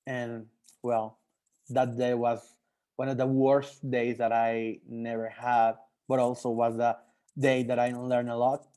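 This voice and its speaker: A young Mexican man talks to language learners in English, his second language, with a Mexican accent. His delivery is halting, full of restarts and fillers as he searches for words. His voice sits at a middle pitch for a man. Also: level tone, warm tone. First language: Spanish. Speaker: French teacher. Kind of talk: personal talk to language learners.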